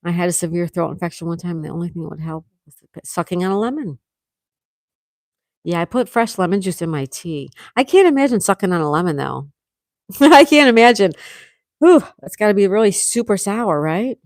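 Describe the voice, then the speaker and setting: A woman with a sore throat hosts a relaxed morning livestream, greeting viewers by name and reading their comments aloud. Her voice sits a little low, and the sound is dry and close to the mic. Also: a little fast, no room sound. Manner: chatty, reads out comments, frequent laughs. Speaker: livestream host reading chat. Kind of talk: casual live chat with viewers.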